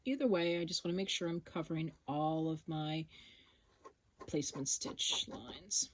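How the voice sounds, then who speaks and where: A woman teaching an embroidery project, relaxed and thinking aloud as she works step by step. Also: sits low, a little fast, a little hiss or hum. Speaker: sewing instructor. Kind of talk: casual step-by-step tutorial.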